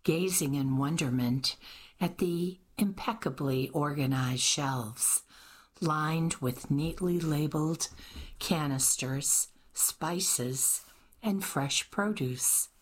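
A woman narrating a cozy mystery audiobook in a measured, steady read. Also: low voice, slightly rough. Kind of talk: scripted narration.

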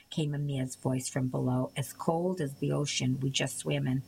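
A woman with a low, deep-set voice reads a novel aloud in a measured, steady way. Her narration is even and unhurried, with a faint hiss in the background. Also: vocal fry, rough recording. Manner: measured, even storytelling with occasional small slips. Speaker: audiobook narrator. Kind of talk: scripted narration.

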